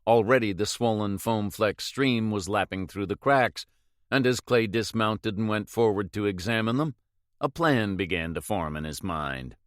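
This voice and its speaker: A man reading a thriller novel aloud as an audiobook narrator in a measured, steady way. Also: fairly low pitch, no echo, clean studio sound.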